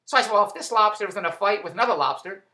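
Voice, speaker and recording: A man telling Catskills-style stand-up jokes to his wife in a rapid-fire delivery with repeated phrases, loud on punchlines and low and muttered in between. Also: lively intonation.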